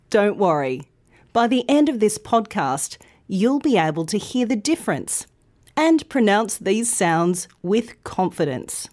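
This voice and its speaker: A middle-aged woman hosting a scripted pronunciation lesson, modelling sounds slowly and carefully. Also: mid-range voice, sing-song, darkish tone. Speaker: pronunciation teacher, host.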